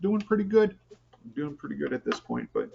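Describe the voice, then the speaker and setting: A man's voice: on the high side, wildly swooping pitch, moderate pace, gravelly, breathy edge. A man in a support group sharing his story on a video call, talking hesitantly with lots of fillers and restarts. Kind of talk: casual chat on a video call. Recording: slightly muffled call audio.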